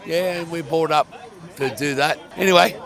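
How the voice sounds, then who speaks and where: A man's voice: fairly high pitch, moderate pace, gravelly. An Australian man outdoors, answering bluntly and repeating himself for emphasis. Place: outdoors at a crowded event. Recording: crowd noise behind.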